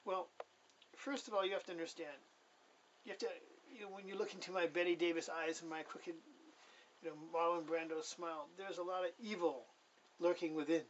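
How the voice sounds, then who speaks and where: A man with a high voice tells a personal story in a loose, chatty way, stopping to fix his own slips and chuckling along. He sounds set back from the microphone. The recording is dull and muffled, with faint background hiss. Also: fairly even intonation, brisk, distant mic. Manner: rambling, corrects himself, chuckles often. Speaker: personal testimony speaker.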